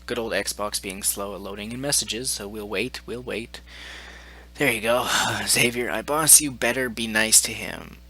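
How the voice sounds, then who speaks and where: Sarcastic man with a sharp voice. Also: lowish voice, unhurried. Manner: mocking, exasperated, sarcastic. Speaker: gaming channel host. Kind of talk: sarcastic commentary on received messages.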